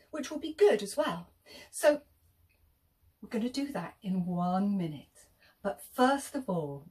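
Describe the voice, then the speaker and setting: A woman tells an interactive story to small children in a slow, sing-song voice, dropping to whispers and gasping for effect. Her pitch leaps up and down with every line. She sits a little back from the microphone. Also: recorded from a distance.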